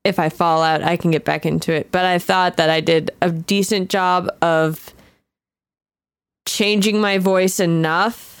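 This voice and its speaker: A woman's voice: lowish voice, steady tone, smooth, dry recording. A young woman co-hosting a podcast, chatting casually in a playful, joking way. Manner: chatty, playful, quick to joke. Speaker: podcast co-host and player. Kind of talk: casual chat.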